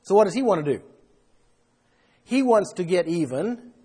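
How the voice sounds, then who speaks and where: A man's voice: sits high, animated, normal speed, pauses often, darkish tone, slightly rough. A man preaching a Bible sermon, explaining verses with emphatic rises in his voice. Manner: emphatic, rising for stress.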